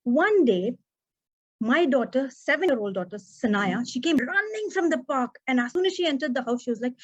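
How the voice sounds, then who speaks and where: A woman, giving an expressive prepared speech as an educator and acting out quoted dialogue. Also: sits high, moderate pace. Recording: dull muffled recording.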